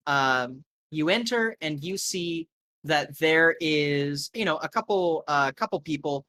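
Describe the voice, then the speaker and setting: A man's voice: a little high, expressive, takes it slowly, pushed and bright, slight background noise. A man narrating a tabletop game as game master, rambling casually with lots of fillers.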